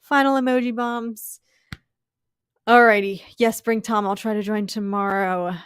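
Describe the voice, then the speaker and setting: A woman's voice: a little high, steady tone, a little slow, smooth, no echo. A young woman hosting a casual live stream, gushing and laughing often as she thanks viewers and rambles with fillers. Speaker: livestream host.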